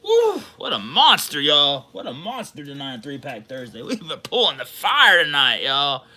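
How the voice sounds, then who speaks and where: Guy on a card stream, real bright voice, bounces all over in pitch, gets hyped easy. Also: moderate pace. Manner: excitable, hollering and laughing over a big pull. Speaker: sports card livestream host. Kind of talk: casual livestream chat.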